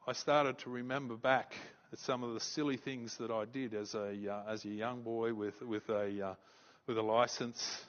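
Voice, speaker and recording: An Australian man, a pastor, preaching a sermon and telling a story, animated and stumbling over repeated words. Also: mid-range voice, normal speed, highs cut off. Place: church.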